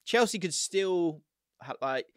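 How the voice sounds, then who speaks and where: Lively man on a dry mic. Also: high-pitched, dry recording. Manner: animated, jokey, mimics others in quick bursts. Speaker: podcast co-host. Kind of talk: casual football chat.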